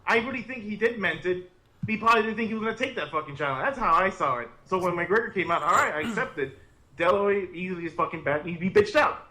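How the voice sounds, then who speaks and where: Laughing cursing guy, super bright high voice. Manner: laughing, swearing, quick. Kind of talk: casual chat.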